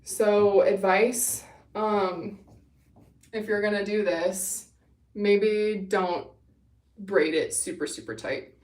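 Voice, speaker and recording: A woman's voice: medium pitch, steady tone, slow, pauses often, a little mellow, distant mic. A young woman hosting a casual livestream, bubbly and gushing as she chats with viewers, a little winded. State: winded from running. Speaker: livestream host. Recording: echoey room, away from the mic.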